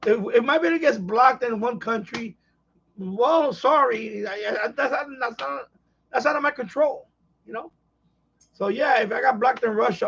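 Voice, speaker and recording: A man's voice: very high voice, vocal fry, a bit bright, breathy edge. A man hosting a casual live stream chat, rambling and exasperated as he rants. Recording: dull lo-fi live stream audio.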